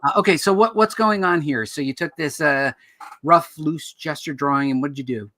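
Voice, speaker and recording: A man's voice: a little high, moderate pace, fairly bright tone. Eager male host asking questions. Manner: eager, jumps in with questions and observations. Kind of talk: casual interview chat.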